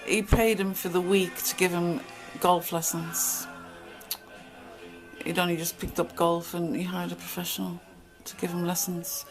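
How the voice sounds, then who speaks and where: A woman's voice: on the low side, flat delivery, unhurried, over music, low-quality recording. A middle-aged woman telling stories from her past in a casual, blunt monologue. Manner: chatty, blunt, acts out quoted exchanges. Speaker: channel host.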